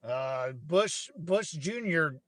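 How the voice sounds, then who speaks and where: A man's voice: a little high, lively intonation, drawn-out words, fairly bright tone, no room sound. A young man and former Marine rambling casually while driving, swearing and laughing now and then. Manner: loose, swearing, laughing asides. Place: in a car.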